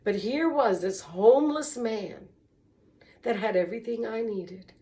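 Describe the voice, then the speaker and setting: A woman recounting a personal story at an unhurried, deliberate pace, with a fairly high voice. She speaks earnestly, like someone giving a testimony, and now and then slips in a short exclamation of faith. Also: mellow.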